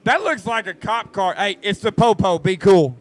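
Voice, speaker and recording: A man calling a dirt track race live, excitable and joking with the crowd. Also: high voice, normal speed, dry recording. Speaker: race announcer. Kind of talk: live race commentary over a PA.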